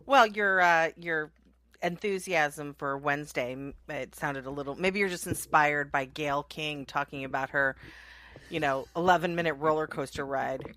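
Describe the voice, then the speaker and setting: A woman co-hosting morning talk radio, her voice bright and crisp as she trades wry jokes with the host. The studio sound is close and dry. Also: deep voice, dry recording. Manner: wry, quick, joking. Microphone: studio microphone.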